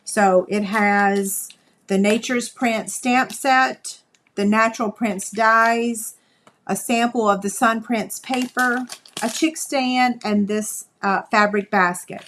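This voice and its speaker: Slow, chatty crafting woman. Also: a little high, steady tone, fairly bright tone, a little hiss or hum. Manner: chatty, folksy, talks to viewers while working. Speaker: crafting livestream host. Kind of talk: live craft demonstration.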